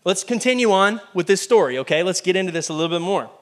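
A man preaching a sermon in a lively, conversational way, often asking the congregation questions. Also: high voice, fast talker. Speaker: pastor.

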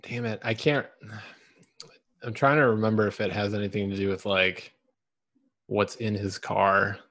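A man co-hosting a podcast in casual chat, easygoing and quick to laugh, hedging his words. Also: lowish voice, level tone, a bit bright. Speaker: podcast co-host.

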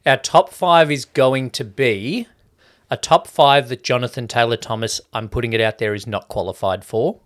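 A man's voice: medium pitch, moderate pace. A man co-hosting a casual film-review podcast, talking in a loose, joking way with plenty of swearing. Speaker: podcast co-host.

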